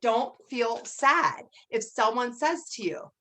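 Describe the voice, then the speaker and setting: A woman coaching her direct sales team in a casual training talk. She talks in a chatty way and acts out sample lines in a brighter voice. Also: a little high, animated, slow pace, few pauses.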